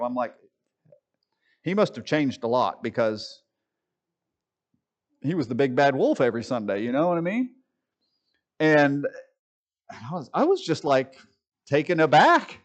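A man, likely a pastor, giving a conversational preaching rant, emphatic and full of restarts, swinging between loud declarations and quiet asides. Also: fairly high pitch, big pitch swings, unhurried, long pauses.

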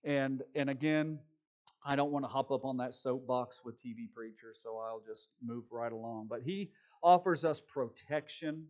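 A man preaching a sermon, moving between quick conversational asides and slow, deliberate scripture reading. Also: mid-range voice, steady tone, a little mellow. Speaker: pastor.

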